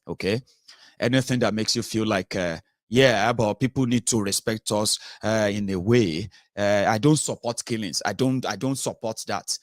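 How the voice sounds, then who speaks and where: A man's voice: fairly low pitch, no room sound, studio quality. A Nigerian man giving an impassioned commentary monologue, emphatic and rhetorical, with many filler sounds. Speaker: political commentary host.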